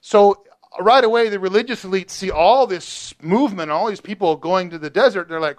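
A man teaching a Bible study group in a casual, animated way, joking and asking questions. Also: high-pitched, moderate pace.

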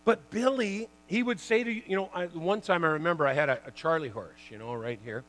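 Brief: older ex-athlete speaker, slightly raised pitch, rambling and chatty, laughs through his anecdotes. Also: brisk, low-quality recording. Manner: chatty, lots of "you know" and "like"; animated, laughs at his own stories. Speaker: former pro hockey player giving a talk. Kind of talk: storytelling talk to an audience.

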